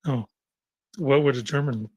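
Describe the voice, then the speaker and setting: An American man speaking on a panel, halting with many fillers and deadpan jokes. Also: mid-range voice, breathy edge, dry recording. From United States.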